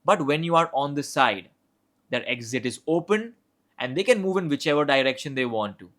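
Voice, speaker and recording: Young male coach, slightly higher voice, casual instructional delivery with frequent restarts. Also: animated, normal speed, fairly bright tone. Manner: conversational, repeats and restarts words, demonstrates tones of voice. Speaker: communication coach.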